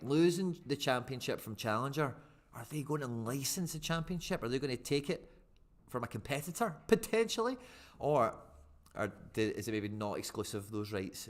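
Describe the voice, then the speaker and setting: A man chatting casually and excitably on a live stream, rambling with fillers as he answers viewers. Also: lowish voice.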